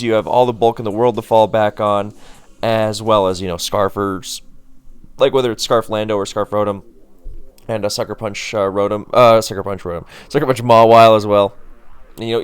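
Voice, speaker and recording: A man's voice: lowish voice, clear, resonant tone. A man casually commenting on a competitive battle replay, chatty and full of fillers, self-correcting as he goes, sounding tired.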